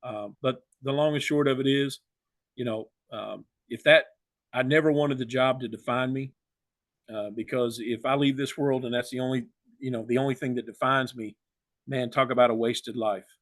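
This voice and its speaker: A man's voice: medium pitch, fairly even intonation, dry recording. Reflective older man, very dry sound. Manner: reflective, halting, many fillers. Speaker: retired umpire, guest. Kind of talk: casual interview.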